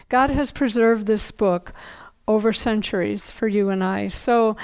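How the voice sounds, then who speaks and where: An older woman giving an informal Bible teaching, earnest and conversational, slowing down to read scripture aloud. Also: a little high, a little mellow, poor audio.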